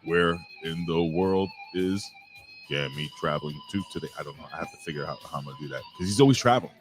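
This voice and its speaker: A man's voice: very deep voice, lively intonation, rapid-fire, faint music behind. A middle-aged man hosting a wrestling review stream, rambling casually, swearing and greeting viewers in the chat. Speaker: wrestling review show host.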